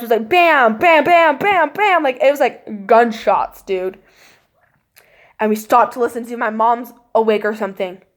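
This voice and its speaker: A young woman casually recounting a spooky childhood story, acting out voices and gestures and dropping to a hush at tense moments. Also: fairly high pitch. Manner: animated, acts out voices and gestures; drops to hushed tones at tense moments.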